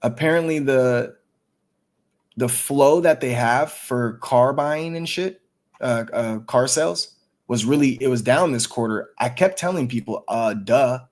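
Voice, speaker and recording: A man hosting a casual livestream, talking excitedly and cursing freely. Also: mid-range voice, a little slow. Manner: excited, profane, hyped up. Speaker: stream host.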